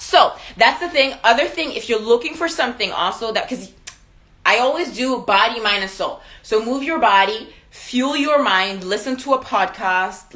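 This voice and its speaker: A young woman hosting a casual live stream from home, chatting warmly with viewers, answering their comments and laughing often. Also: mid-range voice.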